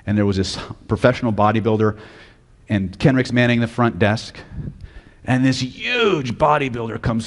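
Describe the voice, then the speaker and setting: A man's voice: medium pitch, lively intonation, moderate pace, in a large hall. A man teaching hypnosis at a live seminar, blunt and profane, often quizzing the audience. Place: lecture hall with audience.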